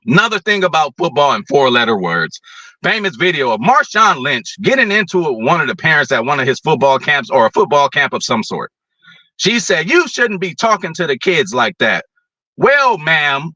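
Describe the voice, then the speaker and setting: A man hosting a show, ranting about football in a blunt, profane, animated way. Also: medium pitch, dry recording, muffled recording. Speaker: podcast host. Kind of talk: casual opinion rant.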